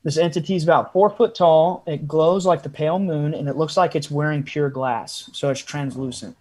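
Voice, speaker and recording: A man's voice: on the high side, steady tone, moderate pace, a little mellow. A man, a podcast guest, telling a long story in a casual interview style with frequent asides.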